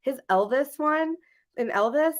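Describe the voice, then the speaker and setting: A woman's voice: sits high, unhurried. A woman co-hosting a podcast, chatting casually and laughing often. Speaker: podcast co-host. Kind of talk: casual chat.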